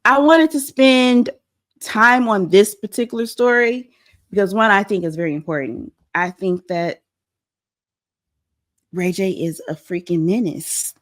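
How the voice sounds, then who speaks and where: A woman hosting a pop-culture show, giving animated, opinionated commentary on a clip and talking straight to her viewers. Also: mid-range voice, unhurried.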